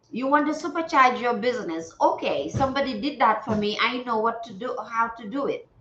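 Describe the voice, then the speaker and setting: Woman from gambia, higher voice, livestream host, preachy, repeats herself for emphasis. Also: fairly bright tone. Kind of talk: casual livestream talk. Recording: roomy, dull lo-fi sound.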